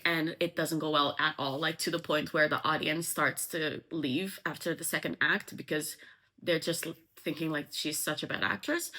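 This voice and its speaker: A woman's voice: low-pitched, sharp tone. Chatty woman retelling a novel. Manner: chatty, frequent likes and ums. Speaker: book explainer.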